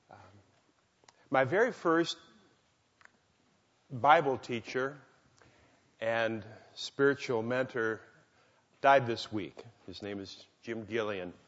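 A man's voice: mid-range voice, a bit bright, in a large hall. Folksy man telling a story to men. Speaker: speaker at a men's gathering. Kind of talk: devotional talk with storytelling. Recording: dull lo-fi recording.

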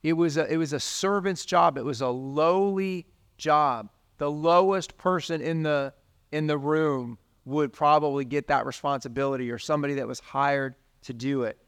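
A man's voice: fairly high pitch, steady tone, moderate pace, smooth. A man preaching, talking casually with his listeners and reading scripture aloud. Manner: conversational, reads scripture aloud. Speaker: pastor. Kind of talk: sermon.

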